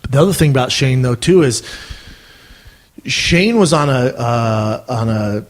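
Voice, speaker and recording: A man, a former fighter, telling stories in casual, animated conversation, often tacking on "man" and swearing freely. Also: medium pitch, a little slow. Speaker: podcast guest, former fighter.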